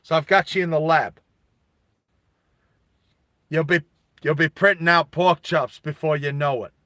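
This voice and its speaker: A man's voice: a little high, fairly even intonation, a little slow, sharp tone, no room sound, clean studio sound. An Australian man voicing a big, older male robot foreman who smokes cigars, a tough but kindly boss with blunt, streetwise talk. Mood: friendly.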